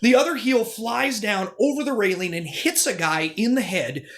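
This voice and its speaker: Male podcast guest, casual storyteller with a lively, swooping pitch and frequent restarts. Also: normal speed. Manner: animated, stammering restarts, swearing. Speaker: guest, former strip club DJ. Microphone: podcast mic.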